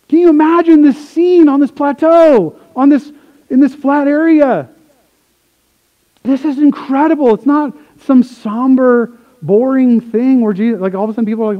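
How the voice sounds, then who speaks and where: Man, pastor, sermon, high voice, animated delivery, muffled lo-fi sound. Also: normal speed. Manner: animated, swings from quiet to excited acting out of the crowd.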